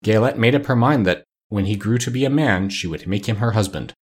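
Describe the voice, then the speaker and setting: A man's voice: on the low side, fairly quick, breathy edge. A man reading aloud and voicing a courtly male winged monkey king telling a long tale.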